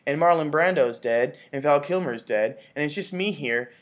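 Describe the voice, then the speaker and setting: A man's voice: on the high side, moderate pace, highs cut off. A drunk man reviewing a classic novel, rambling and swearing, with many restarts and fillers. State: drunk on wine. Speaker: book reviewer. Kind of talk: rambling comic book review.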